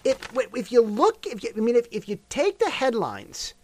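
A man's voice: extremely high pitch, sing-song, moderate pace, mellow, a little hiss or hum. A man giving a rambling casual commentary monologue, full of restarts and rhetorical questions.

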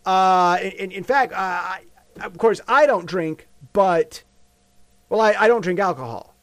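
A man's voice: high-pitched, measured pace, slight background noise. A man putting on a boastful male president who brags about his friendship with another leader. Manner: rambling, boastful.

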